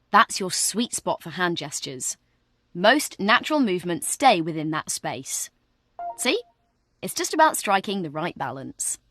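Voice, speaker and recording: Lively, coaching woman guide. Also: mid-range voice, no room sound, studio quality. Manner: encouraging, coaching the listener step by step. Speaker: virtual training guide. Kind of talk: scripted instructional narration.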